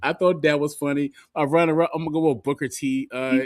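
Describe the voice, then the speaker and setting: A man co-hosting a wrestling podcast in casual chat, lively, laughing often and swearing freely. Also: fairly high pitch, quick pace, dry recording, clean studio sound. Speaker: podcast co-host.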